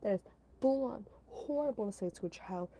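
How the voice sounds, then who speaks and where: A woman's voice: medium pitch, lively intonation, brisk, slight background noise, close to an everyday voice. A woman voicing a furious, protective mother who makes blunt, cursing demands, close to her own voice. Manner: demanding, sharp-tongued.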